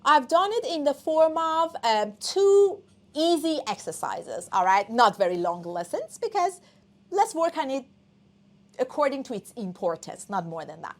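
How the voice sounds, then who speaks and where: A woman's voice: high voice, very animated, measured pace. A woman whose first language is Persian, teaching an online English test class, coaxing students and often checking in with "okay?".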